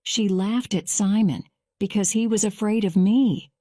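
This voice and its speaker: A defensive young man under questioning in a courtroom storybook, read by a woman. The voice is slow and mellow, with a dry, close sound. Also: medium pitch, dry recording, natural voice. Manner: measured, slow graded-reader delivery.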